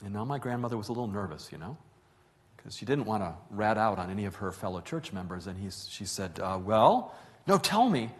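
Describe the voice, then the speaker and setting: A man's voice: fairly low pitch, fast, long reverb tail. A man telling a family story to an audience in a conversational way, correcting himself as he goes. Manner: conversational, with fillers and self-corrections.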